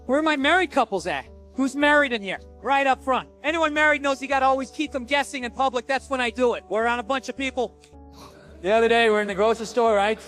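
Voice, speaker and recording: High-voiced animated male stand-up comic. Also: fast, soft background music. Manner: animated, acts out voices, big swings to shouting. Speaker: stand-up comedian. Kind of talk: stand-up comedy.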